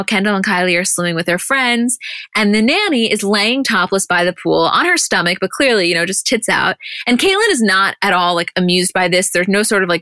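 This young woman talks in a bright, forward voice, recapping scenes in a relaxed, chatty way and swearing freely. The sound is dry and close, with no room around her. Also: mid-range voice, no echo. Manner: animated storytelling, quoting others in put-on voices, frequent swearing. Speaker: podcast co-host recapping episodes. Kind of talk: casual chat.

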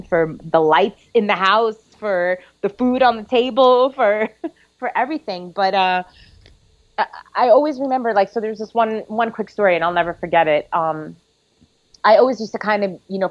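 A woman's voice: mid-range voice, dry recording, muffled recording. Emotional woman telling a heartfelt story. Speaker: podcast co-host. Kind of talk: casual podcast chat.

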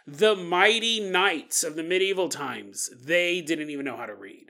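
A man plays a grandiose young male student who muses aloud in a slow, self-important way. The voice stays bright, with a drawn-out, mock-serious delivery. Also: on the high side, lively intonation, gravelly, full character voice. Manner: slow, pompous monologue.

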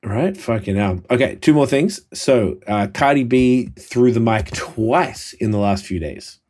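A man's voice: medium pitch, unhurried, a little mellow. A man co-hosting a podcast in casual chat, laid-back and swearing easily as he steers the topics. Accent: Canadian. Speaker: podcast co-host.

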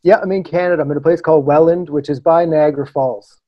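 Male fan, eager and appreciative, slightly high mellow voice, dull video call sound. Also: fairly even intonation, fast talker. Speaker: fan on a meet and greet. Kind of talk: casual chat.

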